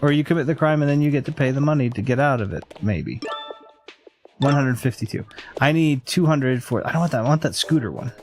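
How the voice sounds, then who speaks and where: A man's voice: mid-range voice, brisk. Chatty, laughing man playing a game. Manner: chatty, laughs often, thinks aloud. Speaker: gameplay streamer. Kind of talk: casual let's-play commentary. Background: background music.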